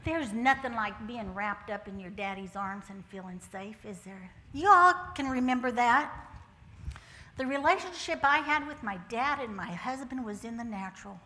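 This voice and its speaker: A woman's voice: a little high, expressive, normal speed, sharp tone, slight background noise. An older woman sharing her personal testimony with a congregation, folksy and humorous, with homespun turns of phrase. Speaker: church speaker sharing testimony. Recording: church hall with long reverb.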